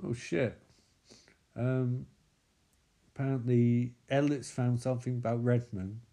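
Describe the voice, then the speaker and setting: A man giving sweary, excitable running commentary on a movie. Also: medium pitch, takes it slowly.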